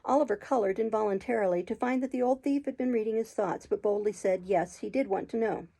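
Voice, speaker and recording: A woman reading a classic novel aloud as an audiobook, in a steady, measured storytelling manner. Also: mid-range voice, gravelly, rough recording. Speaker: audiobook reader, channel host.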